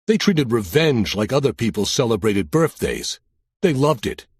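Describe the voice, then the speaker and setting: Male audiobook narrator, first person, husky and animated, dry delivery, close dry sound. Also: mid-range voice, normal speed, no room sound.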